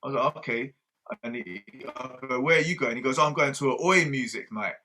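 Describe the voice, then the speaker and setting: A man's voice: mid-range voice, brisk, pushed and bright. A man telling stories in casual podcast chat, swearing freely and quoting people. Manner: swears freely, storytelling with quoted dialogue. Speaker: podcast co-host.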